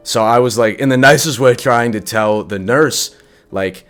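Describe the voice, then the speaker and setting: A man's voice: medium pitch, unhurried, faint music behind. A young man telling a personal story in a casual vlog, swearing often and filling it with likes. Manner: casual, profane, full of likes.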